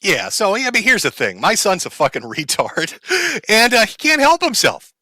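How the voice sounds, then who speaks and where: A man's voice: high-pitched, huge pitch swings, normal speed, no echo. A male streamer giving crude, mocking comedic commentary on a played clip. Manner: loud, mocking, profane.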